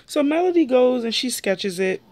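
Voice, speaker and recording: A young woman gives a casual, opinionated recap of a reality TV episode. She talks in a lively way and jumps up in pitch whenever she quotes someone. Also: moderate pace, no room sound. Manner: animated, opinionated, jumps pitch when quoting people. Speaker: show reviewer.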